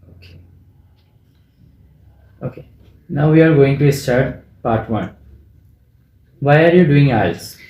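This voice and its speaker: A man acting as examiner, reading formal set questions briskly. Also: mid-range voice, lively intonation, highs cut off. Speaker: exam examiner. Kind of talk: formal test prompts. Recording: echoey room with faint noise.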